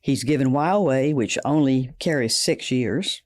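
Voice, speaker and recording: A man giving indignant, deliberate commentary in an interview. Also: medium pitch.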